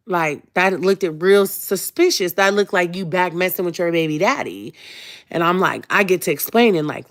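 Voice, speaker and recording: A woman's voice: lowish voice, animated, moderate pace. Chatty young woman storytelling on a live. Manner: chatty, joking asides to viewers, frequent laughs. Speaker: livestream host telling her story. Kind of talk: casual storytelling to a live chat.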